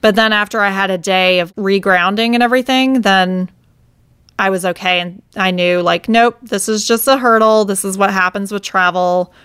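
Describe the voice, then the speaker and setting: A woman's voice: medium pitch, moderate pace, fairly bright tone, clean tone, dry recording. A woman in her thirties telling her own story in an earnest, reflective way, often saying "like". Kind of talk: personal storytelling on a podcast.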